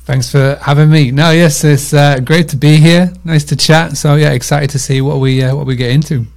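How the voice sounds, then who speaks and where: A man with a Northern English accent, a podcast guest telling his story in relaxed chat with frequent fillers. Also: on the high side, moderate pace, vocal fry. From England. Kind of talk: casual interview chat.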